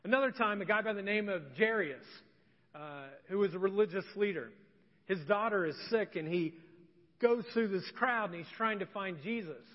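A man's voice: high-pitched, moderate pace. A male pastor preaching a sermon in a church, telling stories animatedly and acting out scenes. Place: church sanctuary. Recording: dull recording with long church reverb.

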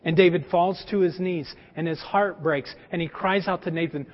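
A man's voice: fairly high pitch, fairly even intonation, normal speed. A man preaching a sermon, telling a story and speaking straight to his congregation. Long hall reverb, dull lo-fi sound. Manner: storytelling, direct address to the congregation. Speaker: pastor.

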